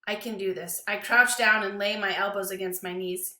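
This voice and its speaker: A woman teacher reading a novel aloud to her class with an expressive, dramatic delivery. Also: medium pitch, moderate pace, hardly any pauses, roomy sound.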